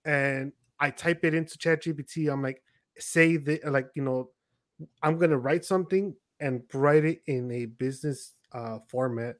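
A young man hosting a casual podcast chat, telling stories in an animated way and quoting himself and others. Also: fairly high pitch, normal speed, dry recording, studio quality. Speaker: podcast host.

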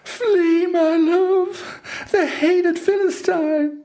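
A man voicing a coaxing young woman in a high falsetto, wailing and pleading. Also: steady tone, extremely slow, dark tone, exaggerated voice. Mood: alarmed.

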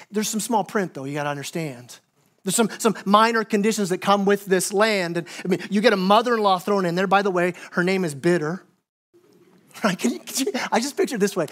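A male pastor preaching in a church, his voice sitting high for a man. He tells the story with animated, acted-out quotes, often stumbling over and repeating his words. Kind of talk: sermon. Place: church sanctuary.

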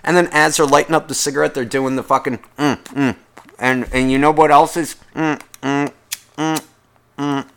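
Male host, comedic rant, fairly high voice, profane and sarcastic. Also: steady tone, normal speed, vocal fry, clear, resonant tone. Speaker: podcast host.

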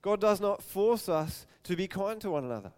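A man preaching a sermon, telling an animated story and acting out the voices in it. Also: sits high, moderate pace, smooth. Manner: animated, acts out scenes with quoted voices.

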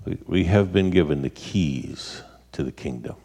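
A man's voice: low voice, animated, moderate pace, vocal fry, warm tone. A male pastor speaking earnestly in a sermon, often repeating words as he gathers his thoughts.

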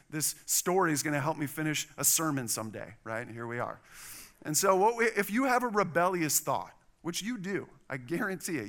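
A middle-aged man with a fairly high pitch preaches as a pastor. His sermon includes an animated personal story in which he acts out other people's voices.

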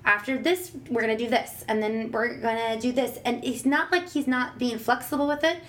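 A woman's voice: fairly high pitch, normal speed. A woman, a parent, talking casually and animatedly about raising her child and acting out voices when she quotes. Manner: animated, acts out exaggerated voices when quoting. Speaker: parent sharing advice. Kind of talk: casual advice chat.

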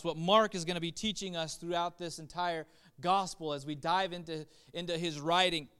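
A man preaching a sermon as pastor, impassioned, swinging between soft reflective passages and loud urging. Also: fairly high pitch, clear, resonant tone.

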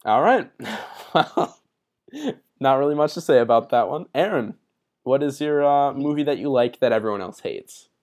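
A young man hosting a podcast in casual chat, playful and quick to laugh. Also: mid-range voice, lively intonation, darkish tone, highs cut off. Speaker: podcast host.

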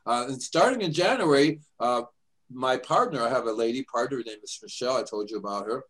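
A man's voice: medium pitch, expressive, fairly quick, a bit bright, poor audio. An older man hosting a radio show, chatting casually and rambling through stories. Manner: rambling storyteller, acts out voices in his anecdotes. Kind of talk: casual chat.

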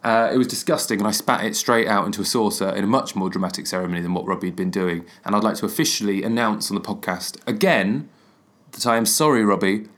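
A man's voice: fairly low pitch, quick pace, a bit bright. A man, hosting a podcast alone, rambling and self-deprecating with jokey asides. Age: 20s. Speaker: podcast host. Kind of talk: solo comedic podcast rambling.

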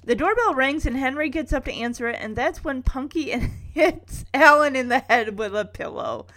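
A woman's voice: high-pitched, animated, moderate pace, sharp tone. A woman recapping an episode in a casual, chatty way, with wry sarcastic asides.

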